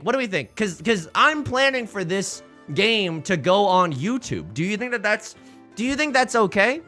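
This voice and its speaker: A young man streaming and gaming, talking casually into a desk mic. His bright voice swoops all over the place, rambling along and lurching between mumbles and loud squeals. Soft music plays underneath. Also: sits high, very animated, moderate pace. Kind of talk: casual live-stream chat while gaming.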